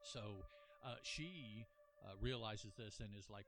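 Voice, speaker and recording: A man's voice: fairly low pitch, takes it slowly, music in the background. A man hosting a casual solo comic review, thinking aloud with many restarts and an earnest, apologetic manner. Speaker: podcast host reviewing a comic.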